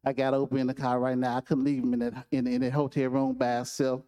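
A man's voice: medium pitch, completely flat delivery, fast talker, mellow, smooth, pitched below the performer's own voice, natural voice. A man voicing a simple, kind-hearted young male Marine private who speaks earnestly.

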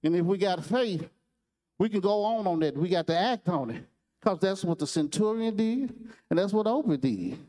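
High-voiced preacher retelling a story. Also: male voice, normal speed. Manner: repetitive, animated storytelling with restarts. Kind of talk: sermon with acted storytelling.

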